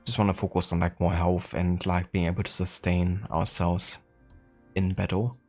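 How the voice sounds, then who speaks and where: A German-accented man hosting a live game stream, his voice sitting very low and deep. He talks in a relaxed, easygoing way, greeting viewers and thinking aloud with plenty of small fillers. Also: normal speed, soft background music. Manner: laid-back, chatty, greets viewers, frequent fillers. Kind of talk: casual live-stream chat.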